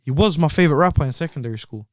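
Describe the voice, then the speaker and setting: Young dude on a podcast, a bit high voice, dry sound, repeats himself a lot. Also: male voice, rapid-fire, dry recording. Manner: animated storyteller, heavy slang, repeats words. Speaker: podcast guest. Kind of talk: casual chat.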